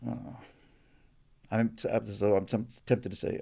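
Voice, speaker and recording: A middle-aged man hosting a live stream, talking casually, rambling and sardonic, growing loud when he rants and mimicking pilot radio calls. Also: fairly low pitch, level tone, unhurried, vocal fry, pauses often. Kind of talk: casual monologue and rant.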